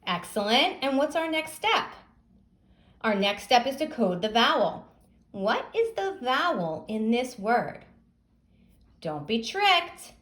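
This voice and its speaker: A woman teacher giving a phonics lesson, sounding out words slowly and asking young pupils questions. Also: a little high, sing-song, a bit bright.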